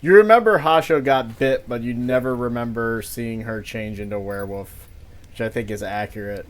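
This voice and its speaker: A man running a tabletop game as game master, narrating scenes in a relaxed way with frequent pauses and ums. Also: mid-range voice.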